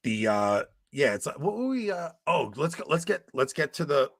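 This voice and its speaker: Guy cohosting a podcast, animated storyteller, gets loud retelling fights, dry close mic. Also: on the high side, moderate pace, vocal fry, no room sound. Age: 20s. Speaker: podcast co-host. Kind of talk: casual storytelling chat.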